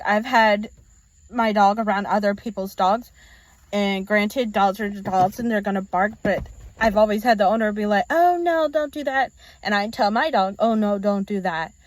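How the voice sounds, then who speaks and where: A woman's voice: mid-range voice, dry recording. A young woman vlogger telling roommate stories in a casual, exasperated way. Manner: exasperated, ranting about roommates. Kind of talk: casual storytelling.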